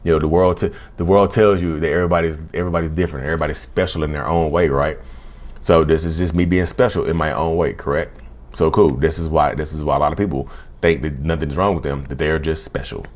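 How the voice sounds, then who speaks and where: A man's voice: rumbling low, steady tone, fast talker. A man hosting his own channel, talking casually and repetitively to viewers, often saying "y'all". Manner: conversational, repeats himself, often says "y'all". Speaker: channel host. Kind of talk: casual talk to camera.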